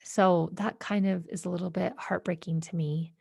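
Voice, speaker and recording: A woman with a low, gravelly voice recounts a personal story, reflective and halting, full of fillers and restarts. The sound is dry and close, with no room echo. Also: steady tone, dark tone. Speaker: podcast host.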